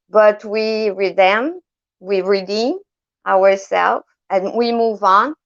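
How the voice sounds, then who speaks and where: Lady on a call, slow and halting, gravelly voice, kinda dull lo-fi sound. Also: medium pitch, dry recording. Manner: hesitant, searching for words. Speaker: caller. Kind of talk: casual chat.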